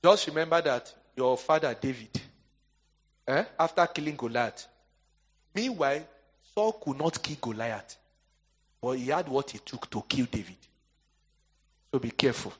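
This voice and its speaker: Husky, emphatic male preacher. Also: lively intonation, measured pace, pauses often. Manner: call-and-response preaching, leaves questions for the congregation to answer; swings between soaring emphatic lines and low quiet asides. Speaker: pastor. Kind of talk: sermon.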